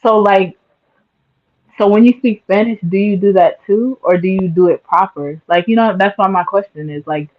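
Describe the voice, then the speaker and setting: A man's voice: sits high, normal speed. A man in a casual conversation, talking in a slangy way with many "like" and "you feel me" fillers. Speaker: conversation partner. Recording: dull lo-fi sound.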